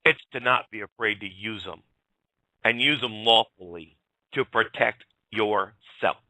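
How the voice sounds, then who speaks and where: A man's voice: fairly low pitch, unhurried, sharp tone, no room sound, poor audio. A man hosting a talk show, ranting bluntly and heatedly. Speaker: show host.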